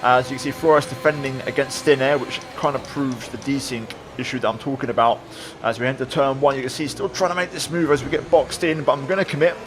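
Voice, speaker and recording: A man talking through a replay of his own online race, relaxed and reflective, with many fillers. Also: mid-range voice, quick pace, hardly any pauses, music in the background. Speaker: sim racing video creator. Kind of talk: replay commentary voice-over.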